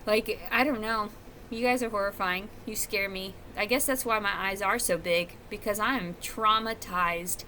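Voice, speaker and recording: A woman's voice: medium pitch, fairly even intonation, moderate pace, hardly any pauses, bright, forceful tone, a little hiss or hum. A woman talking to camera at home in a rambling, profane, confessional monologue. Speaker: vlogger. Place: at home, indoors.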